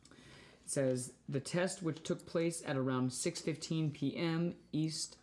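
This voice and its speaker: Halting man reading a news article aloud. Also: a little high, fairly even intonation, darkish tone, a little hiss or hum. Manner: halting reading, with restarts and stumbles. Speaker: podcast co-host.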